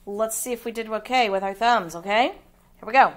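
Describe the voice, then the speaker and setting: A woman's voice: fairly high pitch, moderate pace. A woman teacher with an American Midwest accent giving a phonics lesson to young children, patiently spelling words out letter by letter.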